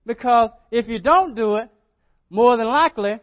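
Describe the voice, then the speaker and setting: A man's voice: very high voice, moderate pace, dull audio. A man preaching a sermon as pastor, in a folksy, repetitive way, often asking the congregation questions.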